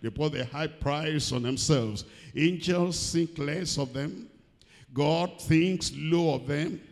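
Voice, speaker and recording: A man's voice: on the high side, takes it slowly, a little mellow, big-room sound. A man preaching a sermon emphatically, repeating his key phrases for weight.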